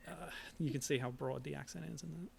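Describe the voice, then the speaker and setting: Brief: male co-host, gravelly voice, easy chatty delivery. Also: mid-range voice, quick pace. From Australia. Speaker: podcast co-host. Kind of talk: casual chat.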